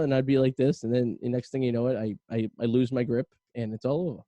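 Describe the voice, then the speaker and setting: A man's voice: medium pitch, steady tone, fast, warm tone, no echo, muffled recording. A man hosting a podcast, telling rambling, jokey stories in casual comedic chat. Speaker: podcast host.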